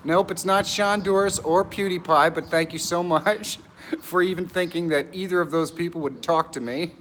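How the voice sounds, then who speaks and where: An excitable middle-aged man hosting a live stream from an outdoor pavilion, greeting viewers by name and laughing often, a bit nervous. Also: sits high, normal speed, slight background noise. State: nervous and stressed.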